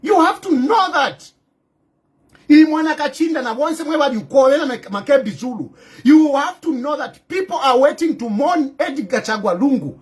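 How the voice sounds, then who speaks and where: A man's voice: very high voice, animated, moderate pace. A man from Zambia with a Zambian accent, a commentator in exile giving a heated, scolding monologue and repeating phrases for emphasis. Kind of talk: impassioned monologue to camera.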